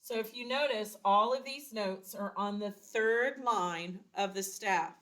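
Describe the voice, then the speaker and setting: A woman leads a music lesson for beginners at an unhurried pace. She explains each step patiently and counts out rhythms in an even, mid-range voice. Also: mid-range voice. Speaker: music teacher. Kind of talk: recorder lesson.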